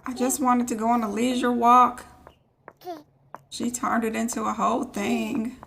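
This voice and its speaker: A woman's voice: fairly high pitch, little pitch movement, a little slow, gravelly, a bit bright, a little hiss or hum. A woman streaming a life-sim game, chatting casually and teasing her characters as she plays. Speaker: gaming streamer. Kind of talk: casual let's play commentary.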